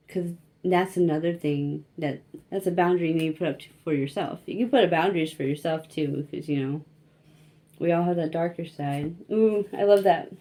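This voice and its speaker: A woman's voice: fairly low pitch, warm tone. A young woman giving a casual tarot reading, rambling and self-conscious, laughing often and filling her talk with likes and you-knows. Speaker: tarot reader.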